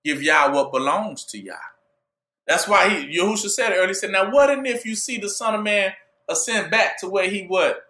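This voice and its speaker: A man preaching a call-and-response sermon, asking "what?" for the listeners to fill in and rising to shouts at his peaks. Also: sits high, normal speed, roomy sound. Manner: asks "what?" for the audience to fill in.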